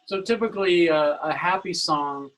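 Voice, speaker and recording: A man's voice: on the high side, moderate pace, fairly bright tone, faint music behind, rough recording. A man speaking as a guest expert on a video call webinar, explaining songwriting in a loose way with lots of "you know" fillers. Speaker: musical director, guest expert.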